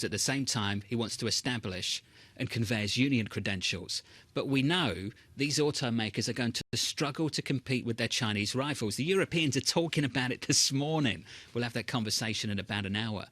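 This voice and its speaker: A man hosting live market news, brisk and briefing-like, moving from headlines to questions. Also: mid-range voice, fairly bright tone, no echo. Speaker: news host.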